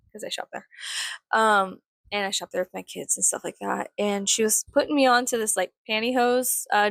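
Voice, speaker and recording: A woman vlogging casually while doing her makeup, rambling and swearing, sometimes dropping to a soft whisper. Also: mid-range voice, gravelly, dry recording.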